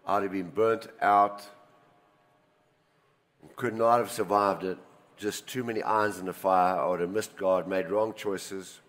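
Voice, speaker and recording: An older man preaching a sermon, telling personal stories and swinging between loud emphasis and quiet asides. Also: low-pitched, steady tone, a little slow. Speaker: pastor. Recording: reverberant hall.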